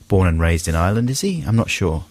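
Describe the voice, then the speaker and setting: A man's voice: deep voice, fast. A man presenting a radio show, bantering with his co-host and laughing often. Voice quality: laughs often, animated delivery. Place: radio studio. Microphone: studio microphone.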